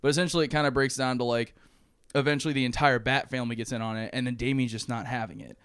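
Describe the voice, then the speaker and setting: A man's voice: mid-range voice, fast talker, clean tone, no echo, studio quality. A young man co-hosting a casual podcast chat, retelling a movie plot with lots of laughter, swearing and acted-out lines. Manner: animated, laughing often, swearing, acting out characters' lines. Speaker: podcast co-host.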